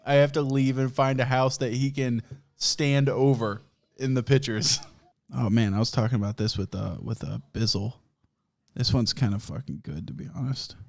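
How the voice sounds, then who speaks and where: A man's voice: mid-range voice, normal speed, gravelly, darkish tone. A man hosting a podcast, telling rambling, profane comic stories and laughing often. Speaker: podcast host. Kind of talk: casual comedic storytelling.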